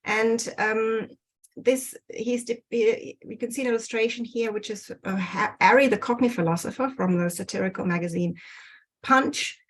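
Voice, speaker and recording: A woman's voice: a little high, fairly even intonation, moderate pace. Hesitant woman giving an online lecture. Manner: hesitant, many ums and self-corrections. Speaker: guest speaker presenting research. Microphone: video call.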